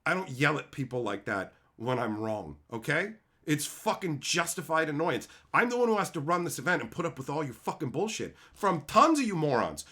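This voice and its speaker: A man's voice: on the high side, a little fast, hardly any pauses. A man streaming about card games, ranting bluntly and profanely in a casual monologue, laughing often. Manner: animated storytelling, laughs often.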